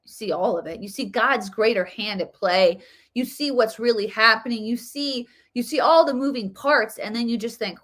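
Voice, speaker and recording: A woman's voice: on the high side, normal speed, a bit bright. A woman hosting a livestream, talking earnestly in a loose, preachy way and repeating phrases for emphasis. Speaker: host of a faith and politics livestream. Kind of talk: casual livestream talk with preaching.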